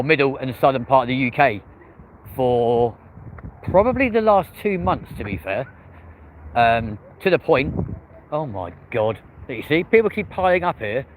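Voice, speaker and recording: A man, giving excitable live commentary outdoors by an airport and chatting with viewers by name. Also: mid-range voice, poor audio. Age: early 30s. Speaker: live-stream plane-spotting host. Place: outdoors near a busy airport and street. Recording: outdoor stream with loud traffic and urban noise.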